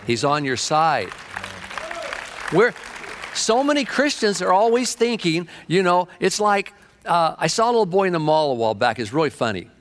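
A man preaching a sermon with fervent energy, telling stories and shifting between quick and drawn-out phrases. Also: high voice, big pitch swings, a bit bright, a faint crowd.

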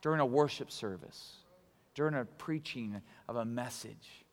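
A man preaching a sermon as pastor, animated and conversational, swinging between excitement and quiet earnestness. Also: medium pitch, moderate pace. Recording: long hall reverb.

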